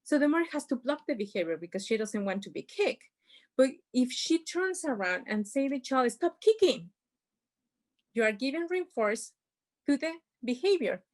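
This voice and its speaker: A woman's voice: high voice, big pitch swings, moderate pace. A woman giving an informal workshop talk on parenting over a video call, explaining with everyday examples in non-native phrasing. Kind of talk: informal presentation.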